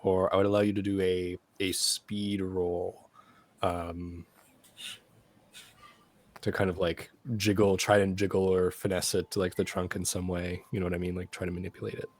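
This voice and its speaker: A man's voice: deep voice, little pitch movement, moderate pace. A man narrating as game master of a tabletop game, rambling with many fillers. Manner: rambling, full of "like" and "um".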